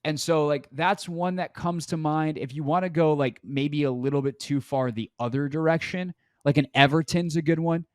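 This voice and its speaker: A man's voice: a little high, moderate pace, few pauses, clear, resonant tone, dry recording, studio quality. A man co-hosting a sports podcast in casual chat, rambling and joking as he corrects himself mid-sentence. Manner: rambling, self-correcting, jokey. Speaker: podcast co-host.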